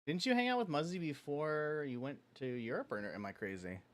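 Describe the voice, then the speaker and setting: Talking fairly quickly in a slightly high voice with huge pitch swings, a young man chats loosely on his live stream. He rambles, uses many fillers and laughs often, and there's no room sound.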